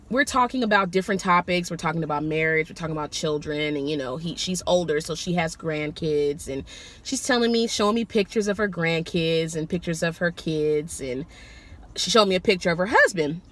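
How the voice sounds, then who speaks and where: A woman who drives for a rideshare service tells a story to camera in a casual, animated way, with lots of exclamations and swearing. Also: fairly low pitch, normal speed. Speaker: rideshare driver telling stories.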